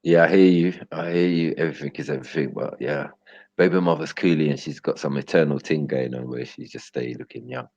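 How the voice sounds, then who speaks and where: A man's voice: extremely low pitch, fairly even intonation, a little fast, a little mellow, dry recording. A young man hosting a live stream and bantering with his chat in loose street slang, rambling and laughing often. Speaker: livestream host. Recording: dull lo-fi stream audio.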